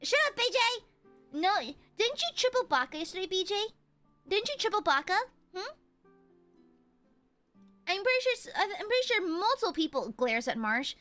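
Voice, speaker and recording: A woman's voice: extremely high pitch, big pitch swings, moderate pace, long pauses, bright, forceful tone, soft background music. A young woman livestreamer chatting casually and reading donations, bubbly and giggly, cursing freely.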